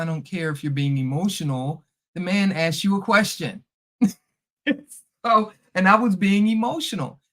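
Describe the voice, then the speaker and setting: A middle-aged woman hosting a podcast, telling a personal story in a casual, animated way and acting out past conversations. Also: on the low side. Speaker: podcast host.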